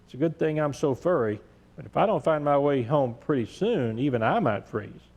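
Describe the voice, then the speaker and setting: A man voicing a gentle, lonely little male bunny in a storybook tale, in a plaintive, earnest tone. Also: on the high side, animated, normal speed, highs cut off. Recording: echoey church sanctuary.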